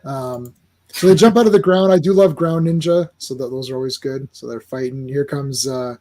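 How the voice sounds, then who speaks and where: A man's voice: mid-range voice, normal speed, warm tone. A man hosting a casual comic book podcast, rambling and laughing easily as he walks through the story. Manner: laid-back, rambling, laughs often. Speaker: podcast host.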